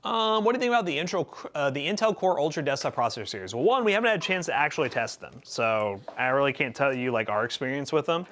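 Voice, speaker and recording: A man's voice: a little high, fast talker, hardly any pauses. A young man co-hosting a livestream, joking and answering viewer questions while building a PC. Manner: lively, joking, reads chat aloud. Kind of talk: casual livestream chat.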